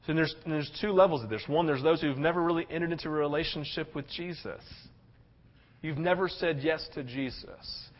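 A male pastor preaching a sermon, passionate, swinging between loud urgency and hushed tenderness. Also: a little high. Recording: dull lo-fi sound.

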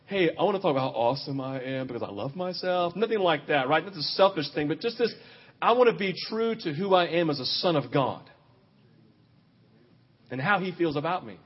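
A man preaching a sermon in an animated, confessional way, swinging between loud outbursts and quiet, intimate stretches. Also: high-pitched, husky, lo-fi sound.

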